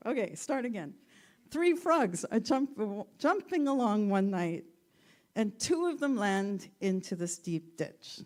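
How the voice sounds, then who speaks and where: A woman minister giving a sermon, telling stories gently with playful asides. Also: mid-range voice. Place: church sanctuary.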